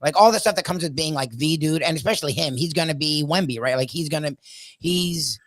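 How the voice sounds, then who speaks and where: Excitable higher-voiced sports co-host. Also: male voice, no room sound. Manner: excitable, laughs often, talks in quick bursts with "like". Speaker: sports talk show co-host. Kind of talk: casual sports talk.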